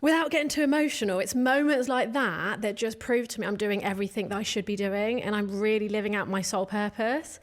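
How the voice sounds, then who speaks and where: A woman's voice: medium pitch, fairly even intonation. A woman co-hosting a retreat, answering an audience question in a live Q&A, tearful and crying as she speaks, heartfelt and open. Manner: heartfelt, open, quick bursts of emotion. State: tearful, crying while talking. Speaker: retreat co-host.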